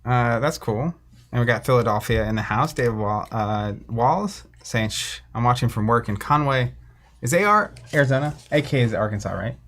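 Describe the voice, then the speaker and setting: A man's voice: medium pitch, expressive, moderate pace, a bit bright. A man co-hosting a card game stream, casually reading out viewer comments and poking fun at himself. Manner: reads out viewer names and places, self-deprecating.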